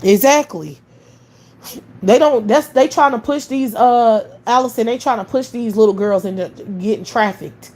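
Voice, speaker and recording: A woman's voice: on the high side, normal speed, a little mellow. A woman hosting a livestream, ranting in a heated, blunt and profane way. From United States. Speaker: livestream host. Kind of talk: livestream rant.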